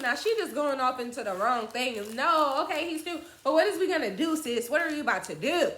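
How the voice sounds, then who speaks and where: A young woman spins a casual storytime for her viewers. Her voice sits a little high, and she chats along, acting out every line her friends said. The room around her is echoey. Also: brisk, few pauses, a little hiss or hum. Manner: chatty, animated, acts out quotes from friends. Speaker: storytime vlogger.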